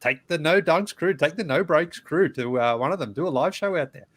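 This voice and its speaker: A man co-hosting a casual sports podcast, animated and laughing as he talks. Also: on the high side, a little fast. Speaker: podcast co-host.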